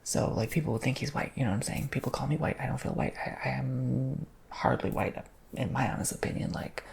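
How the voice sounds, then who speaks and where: A man hosting an ASMR channel, talking in a soft, rambling, emotional way that slips into whispers, often asking "you know what I'm saying?". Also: mid-range voice, gravelly. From Macedonian-American family. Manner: drifts between soft talk and whispers. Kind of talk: soft-spoken ASMR chat.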